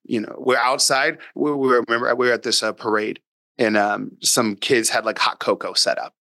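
Male podcast guest: forceful, bright tone, dry close mic, emphatic and blunt. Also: mid-range voice, fairly even intonation, normal speed, dry recording. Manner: emphatic, acts out dialogue with his daughter; blunt, occasional swearing. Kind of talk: casual interview talk.

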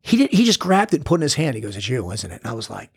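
A man's voice: fairly high pitch, big pitch swings, very fast, gravelly, husky, no echo. Blunt intense man, dry close sound. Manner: intense, blunt, swears, frequent restarts. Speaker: podcast guest, former Navy SEAL. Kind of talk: candid conversational interview.

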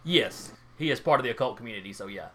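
A man running a tabletop role-playing game, narrating in a chatty, relaxed way. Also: mid-range voice, fast talker. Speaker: game master.

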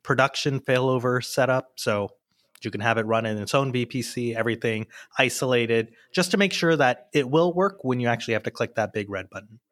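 A man appearing as a podcast guest, methodically explaining technical details in a steady way. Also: mid-range voice, brisk, dry recording. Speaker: podcast guest, product expert. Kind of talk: explanatory tech discussion.

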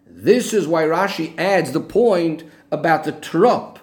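A man's voice: fairly high pitch, animated, slow pace, darkish tone. A man giving an explanatory Torah lesson, going through the reasoning methodically and restating each point step by step. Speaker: Torah teacher.

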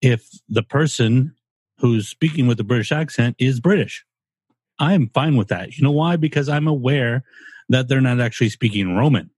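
Husky-voiced man, opinionated casual talk. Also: mid-range voice, normal speed, a little mellow, no echo. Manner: opinionated, rambling with fillers, swears. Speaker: podcast co-host. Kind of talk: casual chat.

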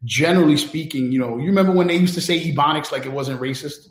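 A man's voice: fairly high pitch, fast talker, reverberant. A man, a technology strategist, talking candidly and with energy in a casual interview, often checking in with "right?". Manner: candid, animated, many restarts and "right?" tags. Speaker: guest, enterprise technology strategist.

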